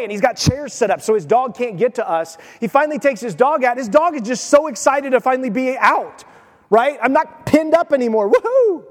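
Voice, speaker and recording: A man preaching a sermon as pastor, telling everyday stories and asking the congregation direct questions. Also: very high-pitched. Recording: long hall reverb.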